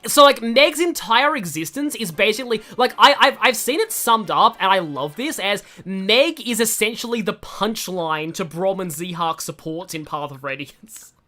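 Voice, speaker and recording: Bright and forceful, this young adult streamer's mid-range voice carries lively intonation at a normal speed with few pauses. The gameplay commentary is casual, chatty, and rambling, and often breaks off mid-sentence.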